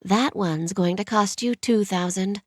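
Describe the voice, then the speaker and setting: A woman voicing a sharp-tongued young professional woman with tart sarcasm. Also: medium pitch, measured pace, no echo, studio quality, close to an everyday voice. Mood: sarcastic.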